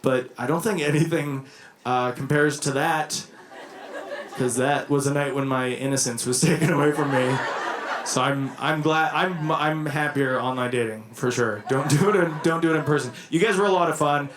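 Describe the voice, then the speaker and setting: A man's voice: fairly high pitch, moderate pace, noisy background. A young man doing a rambling, self-deprecating stand-up set, laughing at his own lines. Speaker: stand-up comedian. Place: comedy club stage before a laughing crowd. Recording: echoey club with crowd laughter. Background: audience laughing.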